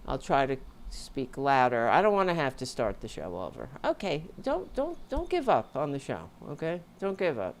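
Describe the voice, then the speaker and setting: Her bass voice swings hugely in pitch as she talks at normal speed with hardly any pauses, over slight background noise. A tired woman hosting her own livestream show at home, she chats casually and rambles with self-interruptions into a home mic with an audio interface.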